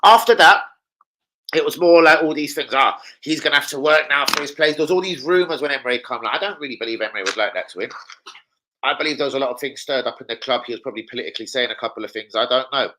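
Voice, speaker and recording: A young man hosting a football fan channel rants casually, swearing a lot, using slang and slipping into impressions of people. He's animated, with a medium-pitched voice and a very fast delivery. The recording is rough.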